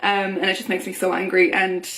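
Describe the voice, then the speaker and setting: A woman's voice: medium pitch, completely flat delivery, a little fast, fairly bright tone. A young woman vlogger venting to camera in a heated, impassioned way, often restarting her sentences. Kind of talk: personal vent to camera.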